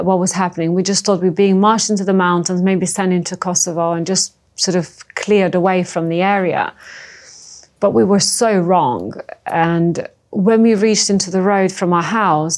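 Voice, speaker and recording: Middle-aged woman, low gravelly voice, halting emotional testimony, interview guest. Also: a little mellow. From former Yugoslavia. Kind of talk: personal testimony.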